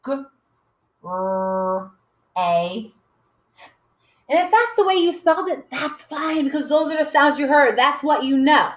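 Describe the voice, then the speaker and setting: A woman teacher slowly modeling a writing lesson for young children, sounding out letters with cheerful emphasis. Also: high voice. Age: adult. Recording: echoey room.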